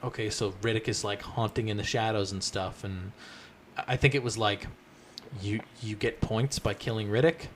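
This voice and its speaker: A young man co-hosting a gaming podcast, talking in an excitable way, swearing casually as he describes game modes. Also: fairly low pitch, normal speed, slight background noise. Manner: excitable, swears, animated retelling. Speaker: podcast co-host.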